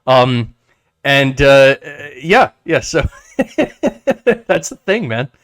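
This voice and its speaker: Animated rambling podcast man. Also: medium pitch, extremely slow, no room sound, clean studio sound. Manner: rambling, many restarts and swearing, animated retellings. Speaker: podcast co-host. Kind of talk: casual chat.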